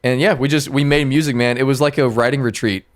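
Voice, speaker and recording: A man's voice: medium pitch, steady tone, fast. A man who is a music producer, a podcast guest talking in a loose, rambling way with lots of fillers. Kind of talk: casual podcast chat.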